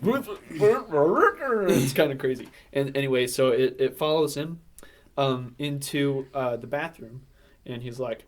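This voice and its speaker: A man's voice: medium pitch, expressive, measured pace. A man co-hosting a podcast, retelling a film's plot in casual chat with lots of fillers and laughs. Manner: rambling, filler-heavy, laughs often. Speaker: podcast co-host. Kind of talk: casual movie recap chat.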